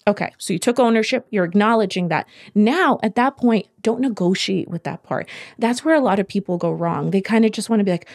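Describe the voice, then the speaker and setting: A woman guest on a podcast explaining her coaching approach, steady and emphatic, repeating her key points to drive them home. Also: mid-range voice, a little fast. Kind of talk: explaining in conversation.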